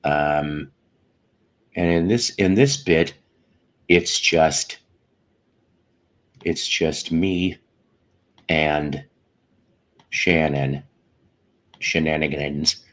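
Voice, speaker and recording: A man's voice: a bass voice, extremely slow, long pauses, a bit bright. A man hosting a live stream, chatting loosely and greeting viewers by name in a meandering, chuckling way. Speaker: podcast host. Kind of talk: rambling live-stream chat.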